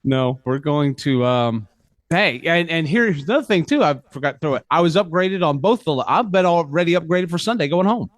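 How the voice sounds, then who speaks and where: A man co-hosting a morning radio show, chatting casually and telling animated stories, quick to protest when teased. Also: a little high, dry recording. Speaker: radio co-host.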